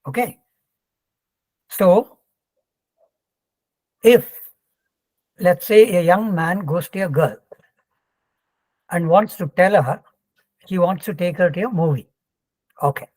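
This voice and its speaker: A man's voice: sits high, slow pace, pauses often, darkish tone, no room sound. An older man, giving an informal webinar lecture over a video call. He explains with everyday examples and keeps checking in with "okay.". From India. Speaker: professor giving a webinar talk.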